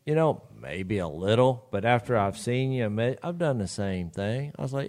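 Guy drawling thru a story on a podcast, kinda low voice, chuckles a lot. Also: lively intonation, moderate pace, hardly any pauses, a little mellow. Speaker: podcast co-host. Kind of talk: casual storytelling chat.

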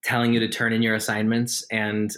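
A man's voice: lowish voice, monotone, brisk, fairly bright tone. A man guesting on a podcast, laid-back and self-deprecating, talking casually and laughing often. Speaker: guest, stage performer. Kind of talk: casual interview chat.

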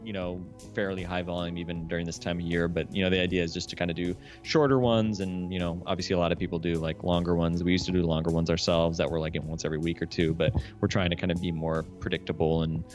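Low-voiced, rambling man on a podcast. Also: little pitch movement, fast talker, hardly any pauses, a little mellow, faint music behind. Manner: rambling, heavy use of "like" and fillers. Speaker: podcast guest. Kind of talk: casual chat.

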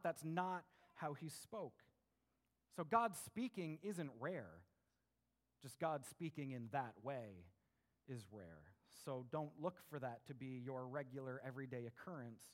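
A middle-aged man preaching a sermon in a conversational way, often checking in with "right?" and acting out voices. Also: on the high side. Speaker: pastor.

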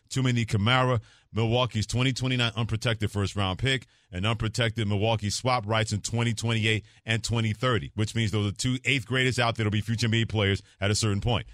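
A male sports radio host in a dry, close-miked studio, talking with playful, laughing energy. His pitch sits in the middle, and he spins the news like a story for his co-host. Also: fairly bright tone, dry recording. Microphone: studio microphone.

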